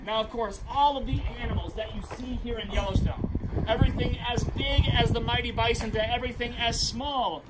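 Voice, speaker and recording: Male park ranger, high voice, projecting to a crowd outdoors, heard from a distance with loud noise around. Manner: projecting, upbeat, leads call-and-response. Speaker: park ranger giving a talk.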